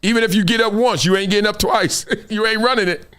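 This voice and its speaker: A man's voice: high voice, fairly even intonation, quick pace, sharp tone, clear, resonant tone. A man hosting a live sports talk show, telling stories in a preachy, playful way, acting out quotes and laughing often. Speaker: host.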